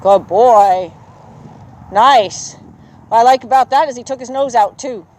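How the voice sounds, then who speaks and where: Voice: medium pitch, unhurried, low-quality recording. Encouraging horse trainer coaching outdoors. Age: adult with children. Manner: encouraging, praises the horse often. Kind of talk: coaching a riding lesson. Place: outdoor arena.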